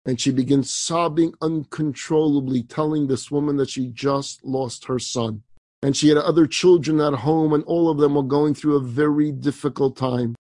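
A man's voice: a little high, steady tone, normal speed, darkish tone, no room sound. A man, a rabbi, telling an inspirational story dramatically, with emphatic asides and rhetorical questions.

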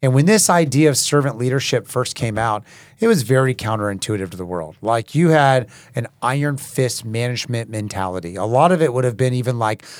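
A man's voice: medium pitch, expressive, fairly quick, no echo. Earnest man reading and reflecting on scripture. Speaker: podcast host and leadership teacher. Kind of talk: Bible reading and devotional talk.

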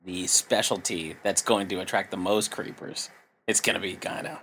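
A man's voice: sits low, fairly even intonation, moderate pace, fairly bright tone, a little hiss or hum. A man co-hosting a comedy podcast, telling odd news stories in a dry, casual way. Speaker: podcast co-host.

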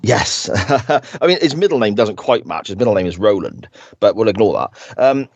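A man co-hosting a podcast, chatting casually and acting out quotes in exaggerated high voices. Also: expressive, moderate pace, a little mellow, slightly rough, dry recording, muffled recording. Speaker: podcast co-host. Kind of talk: casual chat.

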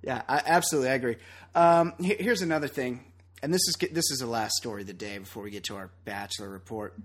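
A man with a fast, mid-range voice hosts a podcast, holding a casual chat full of blunt, profane, opinionated rants.

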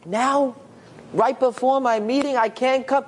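A man voicing a stressed young man who snaps and shouts in exasperation. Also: extremely high pitch, steady tone, measured pace, voice pushed up. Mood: panicked. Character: frantic stressed young man, short-tempered.

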